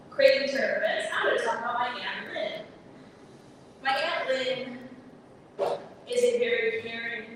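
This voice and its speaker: A woman's voice: on the high side, fairly bright tone, a little hiss or hum. A young woman telling a personal story at a live event, earnest and lightly humorous. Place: coffee shop. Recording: echoey, distant live recording.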